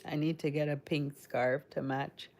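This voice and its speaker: Slow, low-voiced Caribbean-American woman. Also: steady tone, darkish tone. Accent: Caribbean mixed with American. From Caribbean, raised in Connecticut. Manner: chatty, rambling, addresses chat directly. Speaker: livestream host. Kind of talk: casual live-stream chat with viewers.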